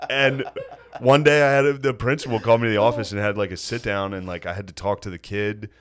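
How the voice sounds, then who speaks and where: A man's voice: fairly low pitch, steady tone, fast. A man hosting a podcast, telling crude stories in casual chat and laughing at his own jokes.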